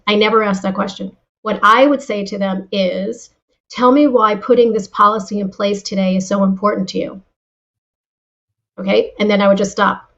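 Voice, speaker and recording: A woman guest in an interview who tells stories in a lively, animated way and often repeats words as she starts a sentence. Her voice sits at a middle pitch. The recording sounds a little muffled and lo-fi. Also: creaky. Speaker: guest, sales and leadership speaker. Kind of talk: interview answers with personal stories.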